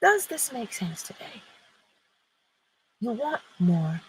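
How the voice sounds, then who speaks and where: A woman's voice: a little high, sing-song, slow pace, noisy background. A woman hosting an inspirational talk, speaking emphatically and posing rhetorical questions that she answers herself. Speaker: host.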